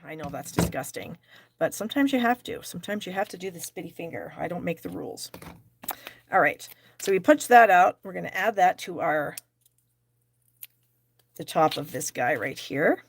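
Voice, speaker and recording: A woman's voice: on the low side, gravelly, a little hiss or hum. A middle-aged woman hosting a live card-stamping class, chatty and self-deprecating as she talks herself through each step. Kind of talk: live crafting demonstration.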